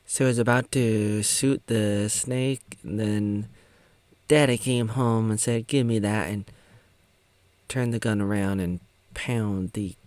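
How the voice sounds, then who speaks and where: A man's voice: lowish voice, fairly even intonation, slow, darkish tone, no room sound. A man in his thirties from the United States, rambling and joking as he comments on a film, sometimes mimicking its characters or humming little tunes. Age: 30s. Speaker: video maker.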